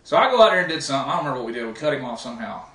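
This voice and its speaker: A man's voice: mid-range voice, rapid-fire. A man telling profane, laughing wrestling stories in a casual chat. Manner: animated, profane, laughing storyteller. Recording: echoey room, distant mic, faint noise.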